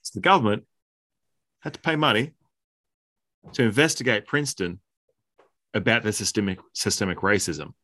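A man's voice: on the low side, lively intonation, moderate pace, pauses often, bright, forceful tone. A man making blunt, opinionated points in a casual podcast chat, swearing now and then. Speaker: podcast co-host.

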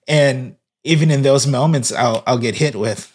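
A man's voice: medium pitch, a little slow, husky. A man, a guest on a podcast, telling an earnest story about his work in church broadcasting. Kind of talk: casual podcast conversation.

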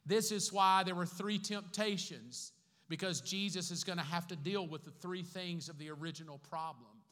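A pastor preaching a sermon to his congregation, dropping joking asides between slow, emphatic, repeated points. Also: sits high, a bit bright. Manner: slow emphatic repetition of key phrases. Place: church sanctuary with congregation. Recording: long reverb from a large church hall.

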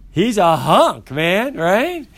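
A male teacher giving an animated, playful class lecture and asking his students questions. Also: high voice, drawn-out words. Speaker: high school teacher.

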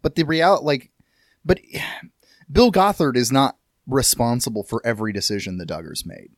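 A man co-hosts a casual podcast in a mid-range voice. He talks in animated, rambling bursts, restarting sentences as he goes. The sound is dry and close to the mic, with no room echo. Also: mid-range voice, normal speed. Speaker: podcast co-host.

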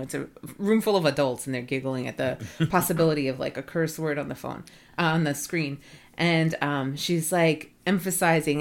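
A woman in casual conversation, talking earnestly with lots of "like" and "you know". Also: low-pitched. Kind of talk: casual podcast chat.

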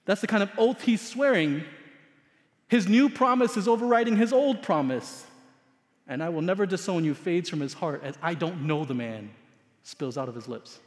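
A male pastor preaching with a high voice. He tells the story dramatically, swinging from loud emphasis down to hushed asides. His voice carries a long reverb, as in a large hall. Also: normal speed. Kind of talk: sermon.

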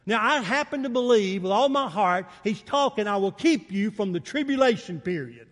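A man's voice: sits high, lively intonation, normal speed, a bit bright, long reverb tail. A man preaching a sermon in a church, calling for amens and acting out the quotes he reads. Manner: emphatic preaching with call-and-response, acts out quotes. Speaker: pastor. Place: church sanctuary.

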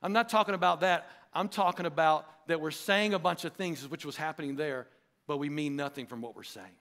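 A pastor preaching a sermon, in an earnest, emphatic style that repeats phrases for weight. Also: male voice, on the high side, a little fast, fairly bright tone.

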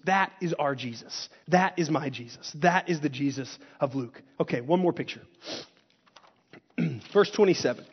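A man preaching a sermon in a conversational, impassioned way, rising loud and dropping quiet. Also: sits high, slightly rough, highs cut off. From Texas. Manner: impassioned, conversational preaching with dramatic swings in volume. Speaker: pastor.

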